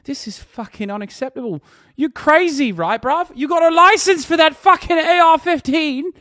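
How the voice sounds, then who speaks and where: A man's voice: very high voice, lively intonation, moderate pace, sharp tone, no room sound, clean studio sound, voice pushed up, full character voice. A man putting on a scolding, profane bloke. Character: brash, scolding British bloke.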